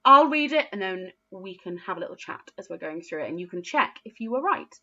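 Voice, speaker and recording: A woman teaching a phonics lesson to young children, encouraging and sing-song, sounding out letters slowly and praising often. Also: medium pitch, sing-song, sharp tone, lo-fi sound. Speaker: primary school teacher.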